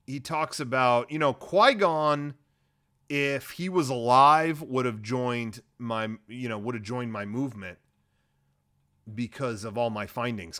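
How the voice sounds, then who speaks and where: A man co-hosting a comedy podcast, retelling a movie plot in a casual, rambling, profane way, at a middle pitch. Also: bright, forceful tone. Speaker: podcast co-host.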